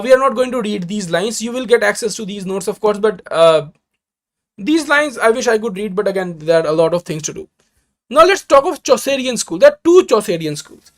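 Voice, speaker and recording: A teacher leads a live online lecture on literature, explaining step by step and checking in with "right?" after key points. Lines of verse are read out slowly and deliberately, with short greetings to viewers by name along the way. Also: mid-range voice. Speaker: exam-prep literature teacher.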